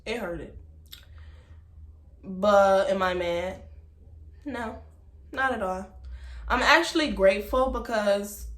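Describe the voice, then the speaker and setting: Animated woman telling a story, echoey room. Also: medium pitch, takes it slowly, long pauses. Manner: animated, emphatic, talks straight to viewers as y'all. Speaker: vlogger telling a personal story. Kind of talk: casual storytime to camera.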